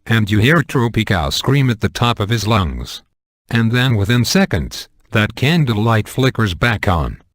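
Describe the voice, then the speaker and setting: This is a man reading a homemade spoof horror story, flat and unhurried, never shifting tone even for the crude gags. The recording has no echo, and his lowish voice sounds dry and close-miked.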